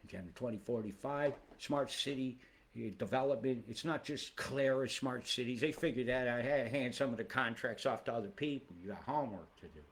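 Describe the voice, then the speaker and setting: A man's voice: medium pitch, fairly quick. A man hosting a weather livestream who rambles into angry, profane, conspiratorial rants.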